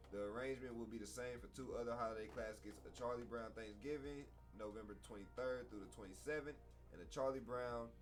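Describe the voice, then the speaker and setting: A man co-hosting a casual podcast, reading a news article aloud with loose, profane asides. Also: mid-range voice. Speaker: podcast co-host.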